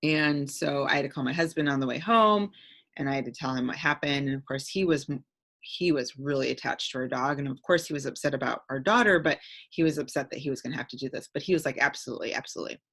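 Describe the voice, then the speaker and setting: A woman's voice: extremely low pitch, fast, a bit bright. A middle-aged woman from the American Midwest tells a personal story with many fillers, rambling and getting emotional. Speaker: community call participant.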